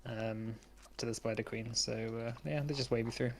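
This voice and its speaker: A man's voice: medium pitch, fairly even intonation, moderate pace, vocal fry, a little hiss or hum. A man narrating as game master of a tabletop game, hesitant, with many fillers and restarts.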